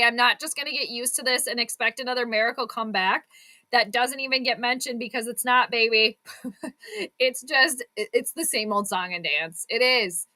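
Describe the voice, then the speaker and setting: A woman hosts live sports commentary and chat on her stream, an exasperated, sarcastic, fired-up fan griping about her team's play. Her voice is a little high, bright and forceful.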